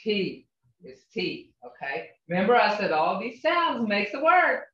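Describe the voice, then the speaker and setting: This older woman, teaching a language class by video call, has a medium-pitched, slightly bright voice with big pitch swings and an unhurried delivery. She coaches with patience and keeps checking in with "okay?". The audio, recorded from afar, sounds muffled and echoey.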